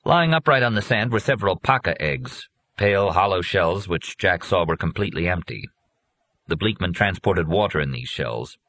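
A man reads a novel aloud in a measured, even way. His voice is deep and low. The sound is dry and close, with no room around it. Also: dry recording. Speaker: narrator. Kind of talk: audiobook narration.

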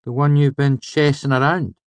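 A man doing a deadpan young student. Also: mid-range voice, normal speed, no room sound, voice pushed up, lightly acted. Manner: flat, deadpan. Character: calm, dry-humoured young male student.

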